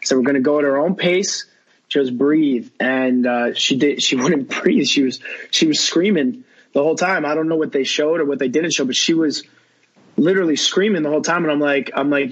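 A man's voice: on the high side, normal speed, husky, muffled recording. A young man talking as a podcast guest, telling a long story in rambling casual chat full of fillers and quoted dialogue.

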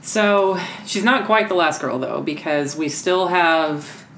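A woman with a low voice hosts a casual film chat. She acts out scenes in quick quoted voices. The room is echoey, with faint noise underneath. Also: fairly bright tone. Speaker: podcast host.

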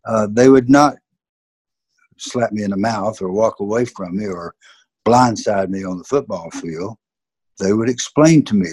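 A man's voice: lowish voice, unhurried, a little mellow, husky, dry recording. An older man with a Southern accent, a former football coach telling stories in an earnest, emphatic way. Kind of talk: reflective storytelling in an interview.

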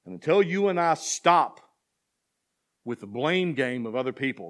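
A man's voice: medium pitch, sing-song, moderate pace. A man preaching a sermon to a church as pastor, asking the congregation questions and building to emphatic passages. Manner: preaching with rising intensity and call-and-response questions.

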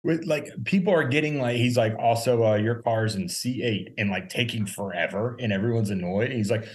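A man co-hosting a podcast, telling casual stories with lively quoted dialogue and frequent laughter. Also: medium pitch, a little fast. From North Carolina. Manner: animated anecdotes, acts out quoted voices, laughs often. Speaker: podcast co-host. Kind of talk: casual chat, storytelling.

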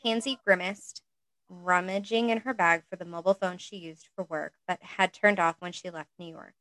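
A woman's voice: fairly low pitch, fairly even intonation, normal speed, a bit bright, dry recording, poor audio. A woman reading a story aloud in a casual way, breaking off now and then for chatty asides of her own. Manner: reads narration with chatty asides and laughs. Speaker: reader.

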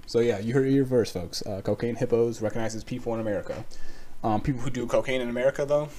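A man's voice: medium pitch, quick pace, dark tone. A young man hosting a solo podcast, rambling casually with lots of swearing, filler words and sarcastic asides. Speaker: podcast host.

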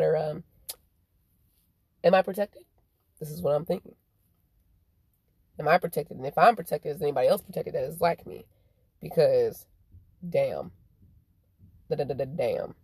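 A woman delivers a profane, rambling monologue, stretching some phrases out slowly and rushing through others. Her voice sits on the low side, and the recording is dry and close, with no room sound. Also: warm tone, slightly rough, dry recording. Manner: swears constantly, swings from drawn-out slow phrases to rapid bursts. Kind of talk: profane stream-of-consciousness monologue.

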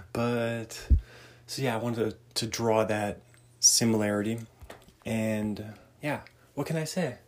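A man hosting a casual solo podcast, rambling and laid-back, laughing at his own jokes. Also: fairly low pitch. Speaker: podcast host. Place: home sauna.

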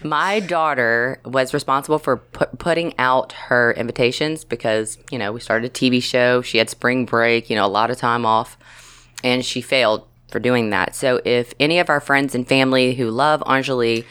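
A woman's voice: extremely low pitch, steady tone, normal speed, fairly bright tone, smooth. A woman in her forties hosting a podcast, chatting casually and laughing often. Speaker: podcast host.

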